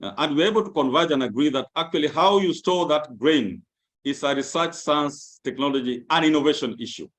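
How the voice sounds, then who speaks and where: A man giving a virtual training presentation. He talks earnestly over a video call, explaining points and repeating words as he searches for them. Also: fairly high pitch. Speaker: government agency presenter.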